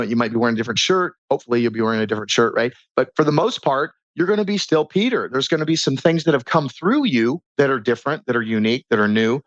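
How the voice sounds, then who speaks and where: A man guest on a podcast, talking in a casual, animated way and teaching through stories and rhetorical questions. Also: medium pitch, dry recording. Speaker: podcast guest, transformation coach. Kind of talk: casual conversational interview. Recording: dull lo-fi sound.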